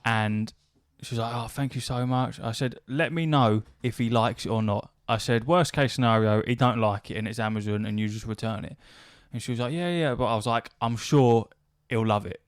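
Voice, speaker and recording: A man's voice: medium pitch, steady tone, moderate pace, few pauses, no room sound, clean studio sound. A man, a podcast host telling a long anecdote in casual chat, swearing freely and acting out quoted back-and-forth dialogue.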